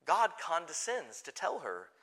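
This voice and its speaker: A man preaching a sermon, moving from quiet conversational asides to loud, forceful declarations. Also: on the high side, unhurried. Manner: animated, swings from soft asides to forceful declarations. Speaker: pastor.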